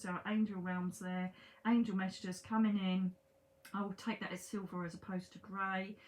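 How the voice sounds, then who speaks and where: A woman's voice: medium pitch, a little hiss or hum. A woman who works as a psychic medium, giving a chatty, emphatic reading straight to the listener, repeating words for stress, swearing casually and calling them darling. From Britain. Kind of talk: casual one-to-one reading to camera.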